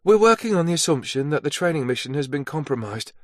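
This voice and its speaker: A woman's voice: low-pitched, animated, fast talker, dry recording, studio quality, voice pushed up. A man voicing a straight-talking female intelligence officer with a Lincolnshire accent, in an audiobook. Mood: brisk.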